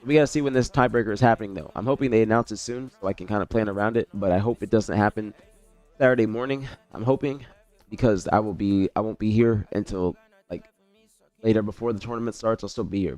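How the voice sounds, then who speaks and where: A man's voice: lowish voice, a little mellow, dry recording. A man streaming live, talking casually in a loose, rambling way, correcting himself mid-sentence and swearing now and then.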